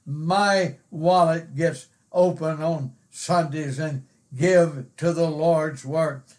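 An older male preacher delivering a devotional Bible lesson in a slightly raised voice. He talks slowly, stretching the words he wants to stress. Frequent hesitations break up his phrases. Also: a little high, a little mellow. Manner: slow, drawn-out emphasis with many uh fillers.

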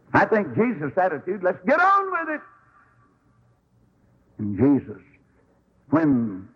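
A man preaching a sermon, telling stories in an animated, folksy way and acting out the quotes. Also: medium pitch, breathy edge, lo-fi sound.

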